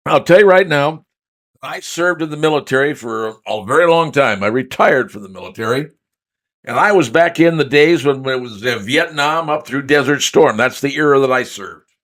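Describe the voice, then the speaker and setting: A man's voice: on the high side, a bit bright. Folksy older man hosting opinion talk. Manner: folksy and emphatic, addresses listeners as folks. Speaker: talk show host. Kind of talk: opinionated political commentary.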